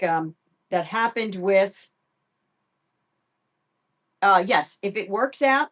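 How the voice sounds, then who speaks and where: A middle-aged woman hosting a home live stream, softly sweet-talking her pet and chatting casually with viewers. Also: mid-range voice. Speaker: pet livestream host.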